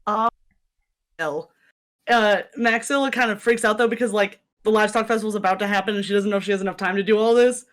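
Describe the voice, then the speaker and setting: A woman's voice: mid-range voice, quick pace. A woman playing a tabletop role-playing game, describing her character with frequent laughter. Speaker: player.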